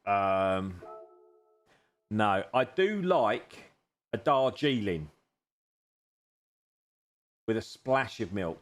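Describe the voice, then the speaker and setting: Chatty man bantering with his stream. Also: lowish voice. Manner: jokey, teasing banter, grateful to chat. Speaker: sim racing streamer. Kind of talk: live-stream chat with viewers while racing. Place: home sim racing rig.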